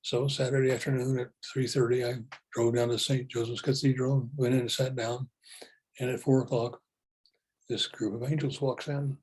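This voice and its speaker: Calm man with a mellow, husky voice. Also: mid-range voice, moderate pace, low-quality recording. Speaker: speaker telling spiritual experiences. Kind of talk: personal storytelling.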